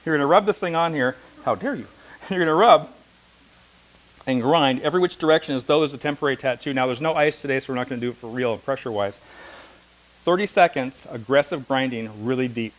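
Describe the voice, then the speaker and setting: A man's voice: medium pitch, low-quality recording. A middle-aged man teaching a hands-on massage class, telling stories and demonstrating as he talks. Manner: fast, anecdotal, demonstrating while talking. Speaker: massage instructor.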